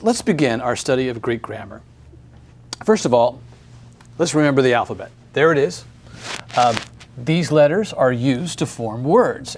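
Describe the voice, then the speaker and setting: A man's voice: medium pitch, darkish tone. A man teaching a recorded grammar lesson, friendly and upbeat, explaining step by step.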